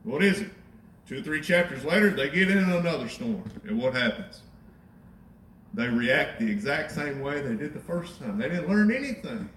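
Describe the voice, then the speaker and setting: Animated preacher in an echoey church. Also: male voice, a little high, moderate pace, far from the mic, a little hiss or hum. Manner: conversational, animated, wry asides. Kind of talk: sermon. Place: church sanctuary.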